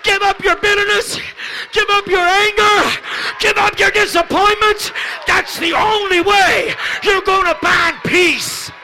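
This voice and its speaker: A man preaching a Pentecostal sermon, moving from shouted calls to hushed storytelling, repeating phrases and speaking in tongues. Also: fairly even intonation, unhurried. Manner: swings from shouted exhortation to low hushed storytelling. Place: church service.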